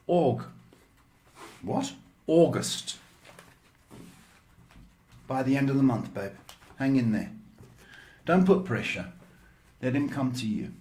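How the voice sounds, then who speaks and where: Slow-talking man giving tarot readings. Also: mid-range voice, lively intonation, a little mellow. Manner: chatty, teasing, calls listeners babe. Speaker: psychic tarot reader and host. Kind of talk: live-stream psychic reading. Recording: echoey room.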